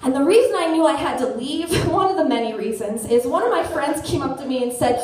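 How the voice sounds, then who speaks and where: A woman in her thirties telling a story on a theater stage, animated and self-mocking. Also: high-pitched, far from the mic. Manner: animated, self-mocking, quick shifts into voices. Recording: echoey theater, voice from afar.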